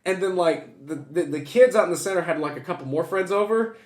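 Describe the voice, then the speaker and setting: Young male host, high voice, lively story-teller, echoey room. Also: fairly quick. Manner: animated, swearing, acts out voices in anecdotes. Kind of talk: casual storytelling chat.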